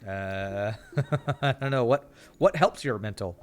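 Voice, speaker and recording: A man's voice: fairly low pitch, slow pace. A man from California streaming a game, chatting to viewers in a rambling way and often repeating words while he thinks. He sounds tired after a busy season. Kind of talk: casual gameplay commentary with chat.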